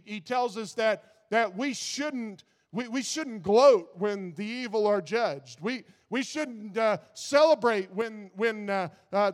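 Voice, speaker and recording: A man pastor giving an informal sermon, talking casually to his congregation and building to fervent intensity. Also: high-pitched. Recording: long reverb of a large hall.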